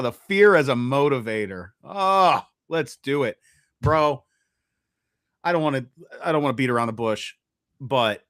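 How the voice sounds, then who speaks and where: A man co-hosting a casual podcast chat, animated and repeating himself as he talks, on a close mic. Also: medium pitch, smooth, dry recording. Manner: animated, repeats words, trails off. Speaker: podcast co-host.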